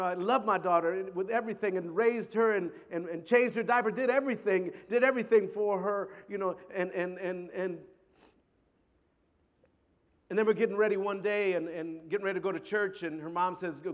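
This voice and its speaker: A middle-aged man telling a personal story to an audience in an earnest, halting way, often repeating words. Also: sits high, fairly even intonation. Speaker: speaker. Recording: long hall reverb.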